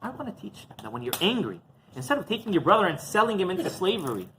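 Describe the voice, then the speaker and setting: A man's voice: sits high, big pitch swings, fast talker, fairly bright tone, slight background noise. A man voicing an aging patriarch who earnestly addresses his sons. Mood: solemn.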